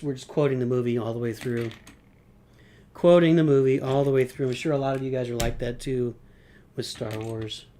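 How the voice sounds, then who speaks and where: A man's voice: medium pitch, a little mellow. A middle-aged man streaming live, chatting casually as he builds and referring to himself in the third person. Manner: rambling, talks about himself in third person.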